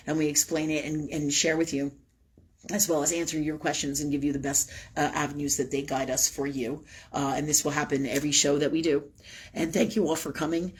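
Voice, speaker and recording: Live-stream host: woman, low husky voice, blunt, rambling, swears. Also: darkish tone. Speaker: host of a spiritual live talk show. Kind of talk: casual live-stream talk.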